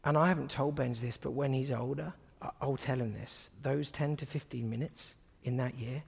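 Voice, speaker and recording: A man giving a sermon to a congregation, conversational and humorous, often dropping to soft, hushed tones. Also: medium pitch, steady tone, normal speed, vocal fry, slightly rough, big-room sound. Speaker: guest preacher. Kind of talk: sermon with personal stories.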